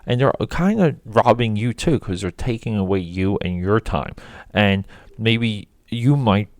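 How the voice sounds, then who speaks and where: A man with a fairly low voice runs his own podcast solo, talking casually. He rambles with fillers and restarts but lands points emphatically. The sound is dry and close, with no room behind him. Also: a little slow, dry recording. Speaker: podcast host.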